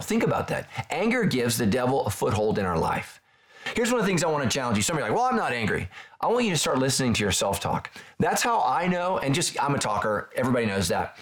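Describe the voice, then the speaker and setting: Middle aged guy pastor preaching, chatty and animated, lots of questions to the crowd. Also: mid-range voice. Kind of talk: sermon.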